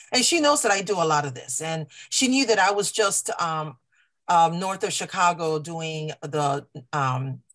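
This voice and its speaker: A woman patient advocate telling a personal story on a video call, earnest and animated, acting out the voices of people she quotes. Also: mid-range voice. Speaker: lung cancer patient advocate.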